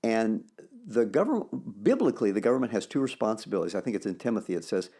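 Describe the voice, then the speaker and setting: A man co-hosts a faith podcast in a casual, animated way. His pitch leaps all over as he makes his points. His voice is gravelly and dark, and he often quotes scripture. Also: fast talker. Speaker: podcast co-host.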